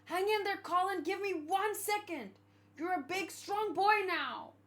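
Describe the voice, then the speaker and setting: A woman voicing an earnest, protective father in a manga read-aloud, speaking low, solemn and slow. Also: fairly bright tone. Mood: solemn, resolved.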